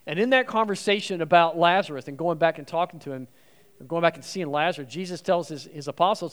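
A man's voice: a little high, a little fast, a bit bright. A man giving a conversational, emphatic sermon as a guest preacher in a church. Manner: earnest, emphatic, acts out quoted speech. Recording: long reverb of a large hall.

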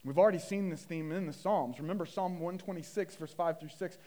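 A man preaching a sermon with impassioned delivery, swinging from loud emphasis to hushed, low passages and asking the listeners questions. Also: fairly quick. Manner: addresses listeners as guys, asks rhetorical questions. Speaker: pastor.

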